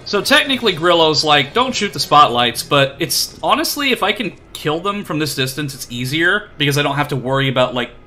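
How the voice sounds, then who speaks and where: A man's voice: fairly high pitch, sing-song, brisk, few pauses, bright, forceful tone, soft background music. A man streaming a video game, chatting casually in a rambling, self-deprecating way with lots of fillers. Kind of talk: casual chat while playing.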